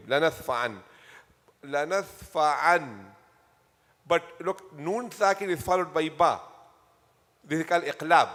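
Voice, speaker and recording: A man's voice: a little high, a bit bright. A man teaching a Quran commentary class in a mosque, patiently drilling terms by repeating them and quizzing his students. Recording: long hall reverb.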